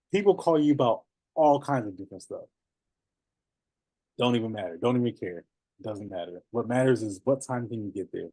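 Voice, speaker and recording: Mężczyzna prowadzący luźny wykład, suche nagranie. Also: male voice, on the low side, normal speed, breathy edge, no room sound. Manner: animated, laughs often, repeats phrases. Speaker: notary business coach. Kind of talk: casual teaching talk.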